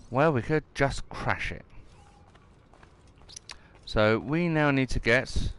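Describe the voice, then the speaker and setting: Male gameplay commentator, casual and rambling, mid-pitched, reads objectives aloud. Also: takes it slowly, long pauses, fairly bright tone, smooth.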